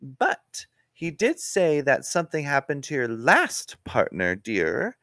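A man's voice: mid-range voice, huge pitch swings, takes it slowly, sharp tone, no room sound, studio quality, exaggerated voice. A man voicing a sweet, fussy woman police trainee who keeps calling people dear. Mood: chirpy. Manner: calls everyone dear, chirpy.

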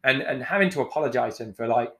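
A man's voice: mid-range voice, very fast, vocal fry, a bit bright. Candid, swearing man in his forties. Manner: frank and emotional, swears freely, acts out past dialogue. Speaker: podcast guest, executive chef. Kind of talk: candid conversational storytelling.

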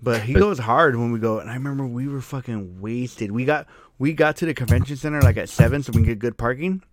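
Casual male podcast host, mid-pitch, dry close sound, profane and rambling. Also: fast talker, dry recording. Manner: rambling storyteller, swears freely, frequent restarts. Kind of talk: casual chat.

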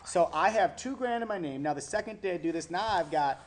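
A man's voice: high-pitched, fairly quick. Profane storytelling young man. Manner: profane, animated, acts out the people he quotes. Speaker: guest telling a personal story. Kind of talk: casual interview storytelling.

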